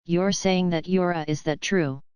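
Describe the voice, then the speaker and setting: A woman's voice: on the low side, fairly even intonation, normal speed, darkish tone, clear, resonant tone, no room sound, clean studio sound, close to an everyday voice. A woman reading the part of a proud, fiery teenage girl in an audiobook, huffy and blustering. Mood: astonished.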